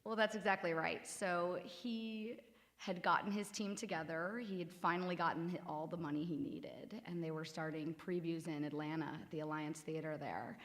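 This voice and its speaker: A woman's voice: fairly low pitch, fairly even intonation, moderate pace. A woman guest on a live radio interview at a theater, animatedly telling a story and acting out quotes. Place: theater venue, live broadcast. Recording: long hall reverb.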